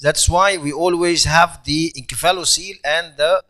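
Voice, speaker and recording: A man giving a medical conference lecture, pausing often with fillers and restarts. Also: fairly high pitch, fairly even intonation, sharp tone. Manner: hesitant, many fillers and restarts. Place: conference hall.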